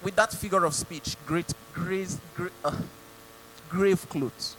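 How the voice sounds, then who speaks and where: A man's voice: sits high, slow, a bit bright, slight background noise, rough recording. A male pastor with a Nigerian English accent preaching a sermon, mimicking people and asking the congregation rhetorical questions.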